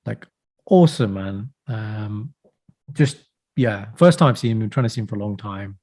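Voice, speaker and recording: A man's voice: lowish voice, lively intonation, a little slow, darkish tone. A man, co-hosting a podcast in casual chat and telling stories with enthusiasm. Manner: chatty, enthusiastic storyteller, says "man" a lot. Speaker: podcast co-host.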